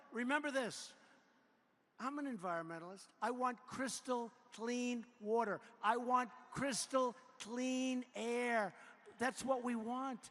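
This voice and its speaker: A man's voice: extremely high pitch, bright, forceful tone. Boastful older man at a rally. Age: 70s. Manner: boastful, repetitive, riffing off-script. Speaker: politician addressing a rally. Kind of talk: campaign rally speech. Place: large indoor arena. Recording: echoey arena with long reverb, faint noise.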